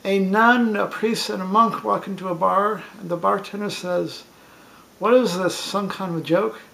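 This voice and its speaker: A man's voice: high-pitched, gravelly, fairly bright tone, poor audio. A man reading a string of clean bar jokes in a plain storytelling way, with small stumbles and restarts. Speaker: joke teller.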